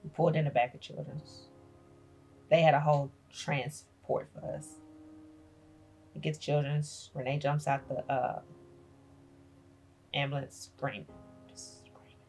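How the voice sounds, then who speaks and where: A middle-aged woman, a grandmother, telling a painful personal story as a podcast guest, halting and emotional, repeating her phrases. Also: low voice, little pitch movement, a little mellow, faint music behind.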